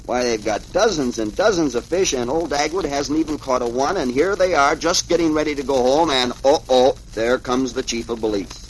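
A man's voice: mid-range voice, normal speed, few pauses, low-quality recording. Folksy male host reading the funnies aloud, middling voice, light hiss. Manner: chatty, folksy, exclaiming. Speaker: host reading comics to a child. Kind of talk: folksy read-aloud storytelling.

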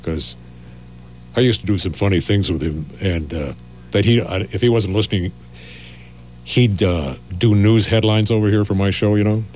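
A man's voice: fairly low pitch, moderate pace, darkish tone, slight background noise. An older man, a veteran radio host, telling rambling stories and often breaking off mid-phrase. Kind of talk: anecdotal storytelling.

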